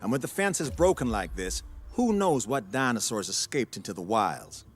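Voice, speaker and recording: A serious security advisor in a game, his husky voice moving through lively swings in pitch. He speaks in a measured, cautionary way. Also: exaggerated voice. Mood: cautious. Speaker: park advisor character. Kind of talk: scripted game voice acting.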